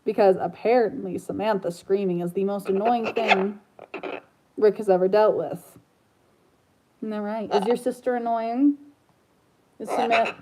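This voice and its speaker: A woman's voice: mid-range voice, fairly even intonation, normal speed, long pauses, darkish tone, a little hiss or hum, low-quality recording. Chatty woman baby-talking to her parrot. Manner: chatty, rambling, with baby talk to her pet. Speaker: parrot owner vlogger. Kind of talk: casual chat.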